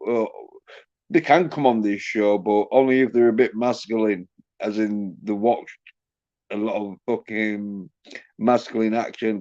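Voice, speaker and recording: Guy swearing his way through a slow rant on his stream, dull lo-fi sound. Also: lowish voice, darkish tone, no echo. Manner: crude, profane, mocking, reads out chat. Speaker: livestream host. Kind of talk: casual livestream rant.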